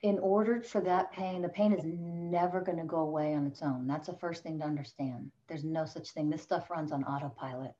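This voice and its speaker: A woman coach talks on a podcast in a lower-pitched voice, emphatic and motivational. The recording sounds a little dull and lo-fi. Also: steady tone, a little fast, hardly any pauses, dark tone. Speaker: relationship coach guest. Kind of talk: podcast interview.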